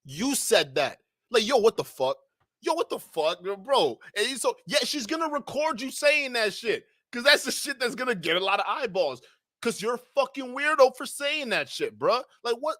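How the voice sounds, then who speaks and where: A man's voice: extremely high pitch, very animated, normal speed, fairly bright tone, no echo, clean studio sound. A man giving casual reaction commentary, heated and profane, repeating "bro" often.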